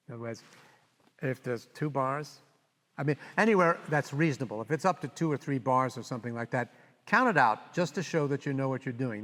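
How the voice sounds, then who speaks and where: An older man conducting a master class, coaching a brass player and singing phrases aloud to show how they go. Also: medium pitch. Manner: animated, sings phrases aloud. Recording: reverberant hall.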